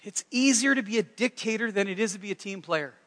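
A man preaching a sermon in a folksy, animated way, breaking into loud shouted impressions. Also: high voice, quick pace, in a large hall. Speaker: pastor.

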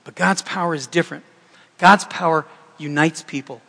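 A middle-aged man preaches in a high, light voice, talking to his congregation like he's chatting with friends. He jokes and rambles through restarts before building back up. His words ring with a long reverb in a church sanctuary. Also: moderate pace, creaky, bright, forceful tone. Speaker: pastor. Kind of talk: sermon.

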